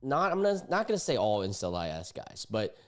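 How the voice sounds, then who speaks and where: A man's voice: lowish voice, huge pitch swings, brisk. A young man streaming, reacting to online posts in casual, slangy commentary, often indignant.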